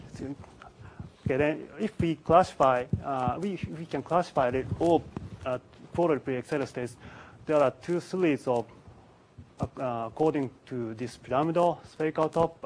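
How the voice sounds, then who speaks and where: Male physicist, mid-pitched, halting conference lecture with restarts, faint hiss behind. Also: a little mellow, low-quality recording. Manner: halting, many restarts and pauses. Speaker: physicist giving a symposium talk. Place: symposium lecture room.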